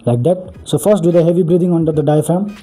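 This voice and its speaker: A man's voice: on the high side, steady tone, fast, dark tone, faint music behind. A man hosting a beatbox tutorial, explaining each step earnestly and repeating "really, really" for emphasis.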